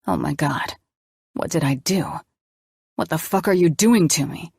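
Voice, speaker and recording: A woman's voice: sits low, steady tone, normal speed, no echo, studio quality. A woman doing a cursing, heated male doctor. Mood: shaken. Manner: swearing, pleading. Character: angry young male doctor, defensive lover.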